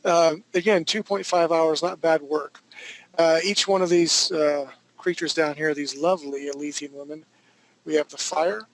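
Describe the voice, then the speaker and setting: A man with a fairly high voice teaches a live online art class. He rambles casually, jumping into jokey stories and quick asides as he goes. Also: fairly even intonation, gravelly, a little hiss or hum, rough recording.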